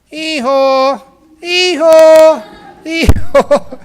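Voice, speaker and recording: A man voicing a frightened donkey stuck in a well, braying and pleading in a high voice. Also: fairly even intonation, drawn-out words, heavily acted. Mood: braying for help.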